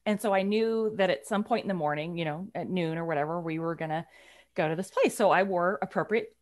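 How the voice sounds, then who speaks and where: A chatty woman co-hosting a casual talk show, spinning a story with animated energy and frequent laughter. Her voice sits mid-range in pitch but swings up and down expressively from phrase to phrase. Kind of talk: casual chat.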